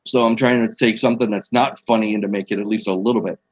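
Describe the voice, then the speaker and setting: A man's voice: on the low side, fairly even intonation, fast talker. A man co-hosting a podcast in casual chat, swearing freely and reading quotes aloud as a quiz. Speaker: podcast co-host.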